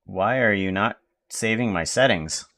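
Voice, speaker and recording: An American man streaming live, rambling to himself in casual chatter as he tries to fix his software. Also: lowish voice. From United States. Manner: mutters to himself while fixing software, slow and rambling.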